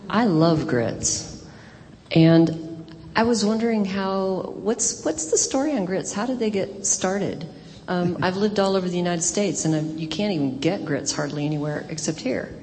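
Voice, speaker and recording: Woman, lowish voice, curious and keen, asking from the floor, reverberant hall with faint ambience. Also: lively intonation, unhurried, darkish tone, slight background noise. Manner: curious, enthusiastic. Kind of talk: audience question at a live event.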